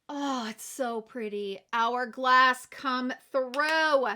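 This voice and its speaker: A woman's voice: high voice, extremely slow, pushed and bright. A young adult woman, a beauty vlogger, chatting through a makeup unboxing and gushing with gasps and exclamations. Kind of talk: excited unboxing chat.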